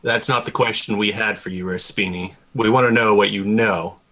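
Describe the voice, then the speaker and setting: Low guy w bright edgy voice, blunt player in a tabletop game. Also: steady tone, normal speed. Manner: blunt, pushy in character. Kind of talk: tabletop role-play.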